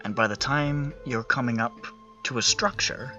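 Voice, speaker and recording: A man narrating a tabletop game as game master over voice chat, halting and searching for words as he describes the scene. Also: mid-range voice, pushed and bright, highs cut off, soft background music.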